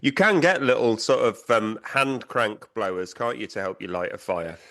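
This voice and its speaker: A man's voice: mid-range voice, moderate pace, fairly bright tone. A man co-hosting a casual podcast, chatty and laughing often. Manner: chatty, laughs often, talks while eating. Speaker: podcast co-host. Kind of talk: casual chat.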